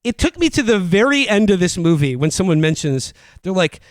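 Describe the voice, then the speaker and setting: A man's voice: high voice, big pitch swings, brisk, no echo. A man co-hosting a podcast, recapping a film in a wry, incredulous casual way. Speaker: podcast co-host. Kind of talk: casual comedic film review.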